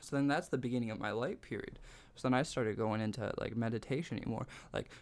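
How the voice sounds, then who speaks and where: A man's voice: mid-range voice, fast, darkish tone. A young man vlogging from his bedroom, telling a personal story in a rambling, casual way, full of "like" and swearing. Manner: rambling, heavy use of "like", sweary.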